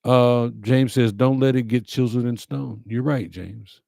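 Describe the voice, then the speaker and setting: A man's voice: medium pitch, measured pace, gravelly, darkish tone, dry recording, clean studio sound. A middle-aged man, hosting a livestream, reading viewer comments and answering them in a folksy, heartfelt, preacherly way. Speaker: host of a live-streamed message show.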